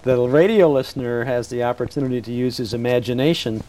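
A man's voice: mid-range voice, fast talker, crowd noise, low-quality recording. A male radio interviewer who encourages his guest with short admiring replies. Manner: warm encouraging prompts, chuckles along.

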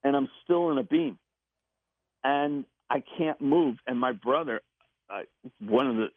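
A man telling a personal story in a casual interview, halting and repeating words as he goes. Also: medium pitch, huge pitch swings, creaky, no room sound. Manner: halting, repeats words, laughs between phrases. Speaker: guest recounting an experience. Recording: tinny phone line.

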